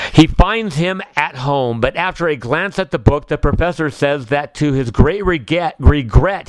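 Clear-voiced man reading a storybook. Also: a little high, no echo. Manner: gentle, measured reading with small slips. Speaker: narrator. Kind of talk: storybook read-aloud.

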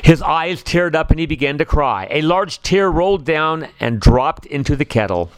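A man reads a children's picture book aloud, taking his time and keeping it gentle. His voice is smooth and clear and sits slightly high for a man. The recording is dry and close. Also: lively intonation, normal speed, dry recording. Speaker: storybook reader. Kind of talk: scripted narration of a children's story.

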